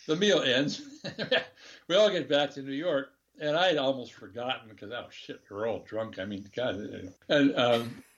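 A man's voice: mid-range voice, dull audio. An older man, a former diplomat, telling a rambling, candid anecdote in a casual interview. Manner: candid, rambling anecdotes with chuckles and self-corrections.

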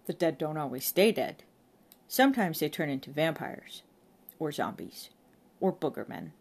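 A woman reading the part of an overeager, dim young male police constable who talks excitedly, in a low voice. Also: moderate pace, husky, heavily acted. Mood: eager.

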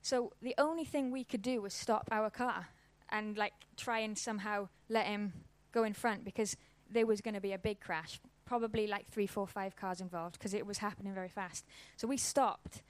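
A woman's voice: medium pitch, steady tone, moderate pace, few pauses, dry recording. A woman, giving an informal church talk and telling a personal story in a casual, conversational way. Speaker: church speaker.

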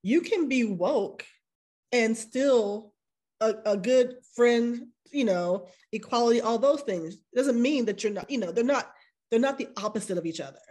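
A woman co-hosts a casual panel discussion in a slightly high voice. She talks bluntly and emphatically, with lively, animated delivery. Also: normal speed. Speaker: co-host.

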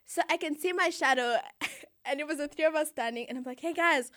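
Young woman, high voice, animated storyteller who laughs a lot and mimics others. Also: fairly quick, no room sound, clean studio sound. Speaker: guest telling a story. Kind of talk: casual chat.

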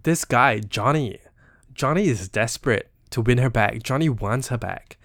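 A young man with a Singaporean accent talks through poems on his solo podcast. He is chatty and playful, scattering "you know" and "like" as he thinks aloud. His voice sits at a middle pitch and sounds dry and close to the mic. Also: normal speed, fairly bright tone, no echo. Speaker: podcast host. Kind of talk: casual solo literary analysis.

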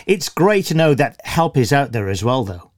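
A man's voice: medium pitch, sing-song. Conversational male interview host. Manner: conversational, halting restarts. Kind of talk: interview questions.

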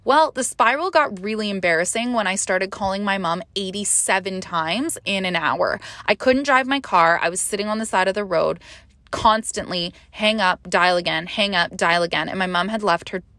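A woman's voice: medium pitch, normal speed, pushed and bright, no echo. A young woman talks straight into the mic in a confessional podcast monologue. She is candid and rambling, swearing freely and leaning on fillers, and her voice climbs sharply when a memory of panic takes over. The sound is dry and close, with a mid-range voice. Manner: emotional, rising sharply when reliving panic. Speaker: podcast host.

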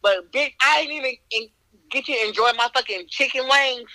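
A woman with a Northern US accent chats on a podcast. Her voice is bright and lively, and it sounds dry and close. She speaks bluntly and with a lot of swearing, telling stories with animated energy. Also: sits high, a little fast, dry recording, poor audio. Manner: blunt, profane, animated storytelling. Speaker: podcast co-host. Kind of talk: casual chat.

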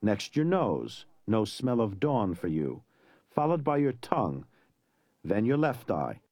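A man doing a soft-spoken, menacing young hero. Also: on the low side, sing-song, no room sound, studio quality, full character voice. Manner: soft, measured threats, slow and deliberate. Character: weak but menacing young hero, cold and mocking.

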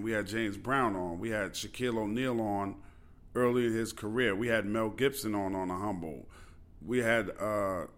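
A man's voice: on the low side, vocal fry, a bit bright. A man, telling stories animatedly and with profanity as a podcast host. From Queens, New York. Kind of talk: casual storytelling chat.

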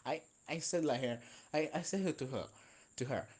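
A man's voice: on the high side, moderate pace, darkish tone. A young man whose first language is Spanish, venting in a casual vlog, rambling and swearing with many fillers and restarts. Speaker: vlogger.

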